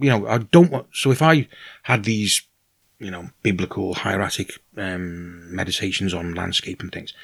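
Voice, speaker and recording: A Welsh man being interviewed as a novelist, speaking in a lively, earnest way with many restarts. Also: mid-range voice, vocal fry, slightly rough. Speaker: novelist guest. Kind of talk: casual conversational interview.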